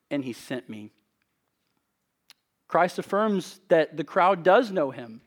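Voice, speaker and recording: A man preaching an expository sermon in an earnest, emphatic way, with measured rhetorical pauses. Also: on the high side, animated.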